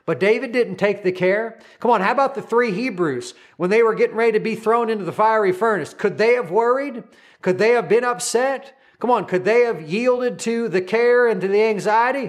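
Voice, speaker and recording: A man's voice: high voice, normal speed. A male pastor preaching a sermon, urging listeners on with repeated "come on" and having them say lines back to him.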